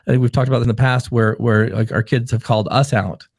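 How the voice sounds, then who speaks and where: A man's voice: medium pitch, steady tone, quick pace, a little mellow, dry recording, studio quality. A middle-aged man who hosts a live show as a therapist, talking earnestly and telling family stories as advice. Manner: earnest, storytelling, coaching tone. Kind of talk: casual advice chat.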